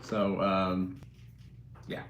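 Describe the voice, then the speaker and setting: A livestream host with a low voice chats casually, answering comments in a completely flat, very slow delivery. He jokes, rambles, and chuckles while reading the chat, and the recording has a roomy echo and a noisy background.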